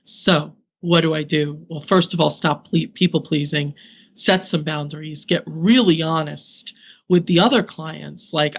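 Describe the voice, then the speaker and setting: A woman's voice: low voice, a little slow, husky. A woman in her fifties from Brooklyn, a podcast guest speaking candidly and animatedly with frequent laughs. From Brooklyn, New York, US. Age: 50s. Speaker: podcast guest, social media consultant. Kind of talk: candid interview conversation.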